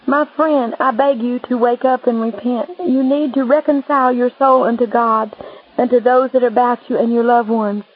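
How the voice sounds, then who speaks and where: Female preacher, fervent and pleading, high husky voice, tinny phone-like tape sound. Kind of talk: preaching a vision testimony.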